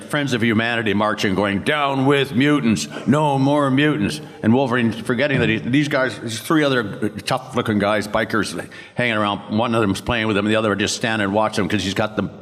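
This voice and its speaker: An older man with a fairly low voice tells long, rambling showbiz anecdotes at a convention panel. He slips into other people's voices as he tells them. The sound carries the long echo of a big hall. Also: fairly bright tone. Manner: rambling anecdotal, acts out others' lines and laughs. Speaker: voice actor, convention panel guest.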